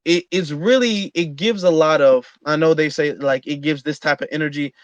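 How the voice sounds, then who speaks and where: A man's voice: a little high, moderate pace, dry recording. A man hosting an online audio room, talking in an earnest casual monologue with frequent fillers and restarts. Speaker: host.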